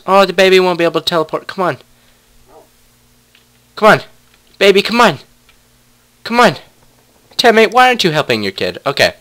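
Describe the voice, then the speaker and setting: A man's voice: high-pitched, expressive, normal speed, pauses often, pushed and bright. A young man casually commentating a block-building game, playfully talking to his pet wolves. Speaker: let's play gamer.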